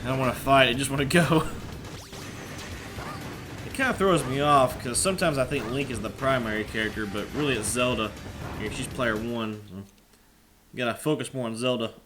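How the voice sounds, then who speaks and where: A man doing casual let's play commentary at home, rambling and chatty, sometimes yelling at the game. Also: mid-range voice, a little fast. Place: apartment room at home with thin walls. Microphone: desk microphone. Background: video game music.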